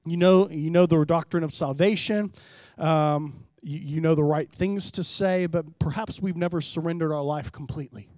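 A man pastor preaching a sermon, swinging between hushed, low passages and loud, emphatic rises, often calling out to the congregation. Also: moderate pace, few pauses, dry recording, clean studio sound. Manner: preaching with sudden drops to quiet and loud rises, calls to the congregation.

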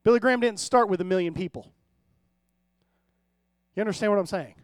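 A man's voice: high voice, brisk, no echo, clean studio sound. A male pastor preaching a conversational sermon, telling humorous stories and often checking in with his listeners. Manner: conversational preaching with frequent audience check-ins; humorous storytelling.

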